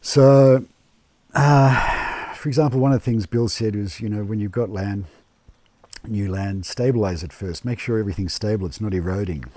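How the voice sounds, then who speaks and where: A man who runs an eco lodge, talking casually in an interview, relaxed and unhurried with many fillers and restarts, speaking indoors at home. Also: on the low side, no echo. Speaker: eco lodge owner and permaculture gardener.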